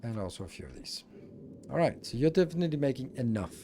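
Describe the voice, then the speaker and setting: A man's voice: medium pitch, very animated, quick pace, mellow, slight background noise. A man streaming a building game, thinking aloud and muttering as he plays. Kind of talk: casual live-stream commentary.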